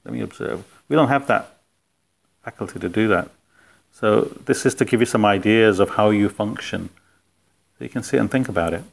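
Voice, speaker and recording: A man with a lowish voice leads a relaxed philosophy class. He talks conversationally and keeps putting questions to his students. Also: normal speed, creaky, long pauses. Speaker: spiritual teacher. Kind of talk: informal philosophy class talk.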